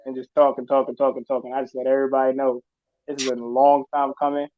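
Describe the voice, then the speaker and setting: A man from Yonkers joining a casual sports chat, talking fast, emphatic and slangy. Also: medium pitch, flat delivery, no room sound. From Yonkers, New York. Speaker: guest on a stream. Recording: tinny phone-like call.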